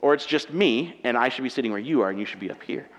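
Lively pastor in a reverberant hall. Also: male voice, medium pitch, fast talker, muffled recording. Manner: animated, self-mocking humor with acted-out quotes. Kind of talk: sermon. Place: church auditorium. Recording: long reverb of a large hall.

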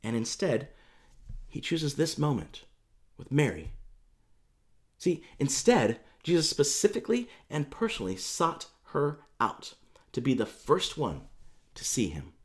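Male pastor, sermon, conversational, emphatic storytelling, very animated pitch, slightly high voice. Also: unhurried, long pauses.

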